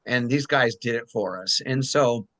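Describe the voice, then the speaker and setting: A man's voice: mid-range voice, unhurried, a bit bright. A man hosting a talk show, chatting in an earnest, rambling way. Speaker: host. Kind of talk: casual talk show chat.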